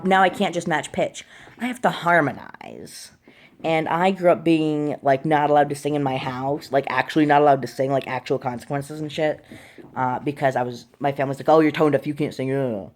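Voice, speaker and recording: A young trans man on testosterone, his voice between high and low, talking candidly in a rambling home video diary, full of ums and apologies. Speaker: vlogger.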